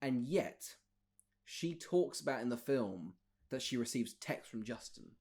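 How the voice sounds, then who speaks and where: A man's voice: medium pitch, measured pace. A man co-hosting a comedy podcast, giggling often while recapping a film's plot. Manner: giggly, recaps the plot with lively bursts of laughter. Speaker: podcast co-host. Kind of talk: casual comedic chat.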